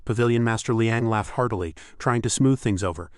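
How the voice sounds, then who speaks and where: A man narrating a story recap in a steady, even storytelling way. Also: mid-range voice, fairly quick, smooth, no echo, studio quality.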